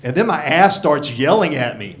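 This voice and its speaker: A man in his sixties doing a gruff, profane, self-mocking stand-up comedy set on a club stage. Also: fairly high pitch, sing-song, moderate pace, a little hiss or hum. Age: 60s. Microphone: handheld stage mic. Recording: live club recording with crowd laughter. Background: audience laughing.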